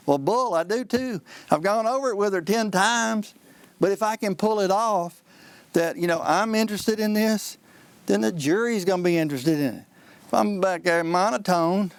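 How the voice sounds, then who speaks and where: A trial lawyer talks listeners through courtroom practice in a folksy, lively manner. His voice sits a little high for a man. The sound is dry and close, with no room around it. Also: normal speed, smooth, no room sound. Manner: folksy, animated, acts out courtroom exchanges. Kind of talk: explaining on a call-in advice show.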